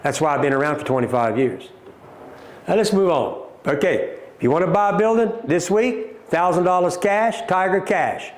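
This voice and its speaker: A man's voice: high voice, moderate pace. A middle-aged man with a Southern American accent, hosting a livestream and answering viewer comments in a combative, emphatic way. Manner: combative, emphatic, repeats points, addresses viewers as folks. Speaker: company CEO hosting a livestream. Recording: echoey room.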